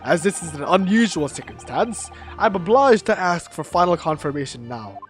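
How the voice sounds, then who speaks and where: A woman streamer voicing an earnest young male law student, speaking low and quietly over the game text. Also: lively intonation, moderate pace, faint music behind, close to an everyday voice.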